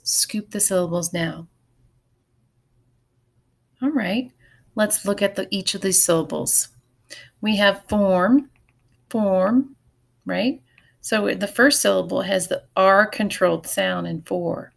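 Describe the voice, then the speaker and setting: A woman teacher talks through a recorded phonics lesson at a mid pitch. She is patient and clear and takes each step slowly, and her voice has a gravelly fry.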